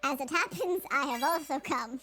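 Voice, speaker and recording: Woman doing a grave fishy elder, very high and formal, bit of noise behind. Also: normal speed, lightly acted. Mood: solemn.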